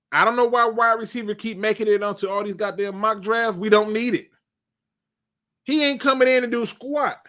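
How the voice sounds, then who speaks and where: A man hosting a live football draft stream, talking in a joking, animated, colloquial way. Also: very high voice. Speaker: sports show host.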